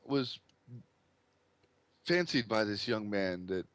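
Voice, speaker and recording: A man voicing a stern, gruff, middle-aged father who guards his daughter and talks defensively. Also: on the low side, lively intonation, slow, fairly bright tone, dry recording. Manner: defensive, agitated.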